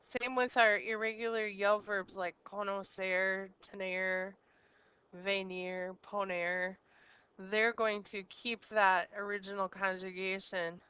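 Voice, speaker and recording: Clear, bright-voiced woman teaching a lesson. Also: mid-range voice, little pitch movement, slow pace, no echo, dull audio. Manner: explains step by step, quizzes the listener with questions. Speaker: Spanish teacher. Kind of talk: recorded grammar lesson.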